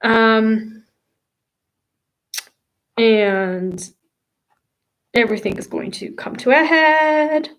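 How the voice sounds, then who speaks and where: A woman's voice: on the high side, lively intonation, very slow, pauses often, rough recording. A woman hosting a casual livestream about a classic play, talking enthusiastically with plenty of fillers and restarts. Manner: enthusiastic, gushing, with frequent fillers. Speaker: literature channel host. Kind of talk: casual livestream book discussion. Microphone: home livestream mic.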